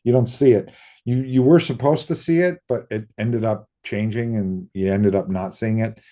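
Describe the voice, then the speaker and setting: Brief: middle-aged man, low mellow voice, casual interview guest spinning anecdotes and mimicking the people in them. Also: moderate pace. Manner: lively storyteller who acts out quoted voices, casual swearing. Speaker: interview guest, makeup effects artist.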